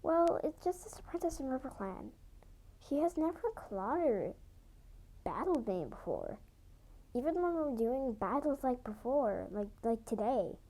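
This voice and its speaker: A woman's voice: sits high, big pitch swings, measured pace, dark tone, heavily acted, low-quality recording. A young woman voicing an awkward, worried young female cat apprentice in her fan story. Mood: hesitant. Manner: awkward, hesitant.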